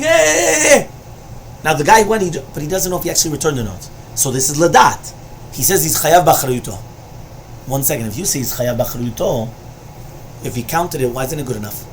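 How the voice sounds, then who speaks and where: A man leads a Talmud study lesson, chanting each Aramaic passage with rising emphasis and then explaining it in plain English. His voice sits a bit high for a man, and he keeps checking in with his listeners. A faint noise runs under the recording. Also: quick pace. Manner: explains each line, repeats with "right?" and "you understand?". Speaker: Talmud teacher.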